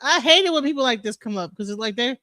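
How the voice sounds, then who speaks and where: A woman with a bright, sharp voice talks bluntly and mockingly, swearing as she ridicules the others. The sound is dry and close to the mic. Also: a little high, lively intonation, quick pace, dry recording. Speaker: panel participant. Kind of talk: heated online panel debate.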